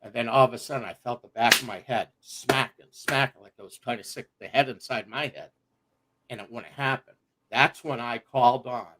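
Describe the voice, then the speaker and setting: A middle-aged man telling a personal story on a livestream, animated and profane, laughing as he goes. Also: mid-range voice. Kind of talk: casual storytelling.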